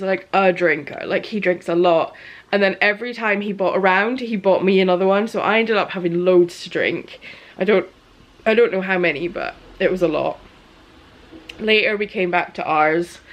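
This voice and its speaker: A woman, chatting casually to camera in her small business vlog, animated and laughing as she tells a story. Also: medium pitch. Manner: animated storyteller, acts out quotes, laughs often.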